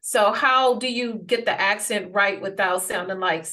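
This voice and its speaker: A woman's voice: medium pitch, unhurried, sharp tone. A woman hosting an interview, asking long, rambling questions full of fillers. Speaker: host. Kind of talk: interview conversation.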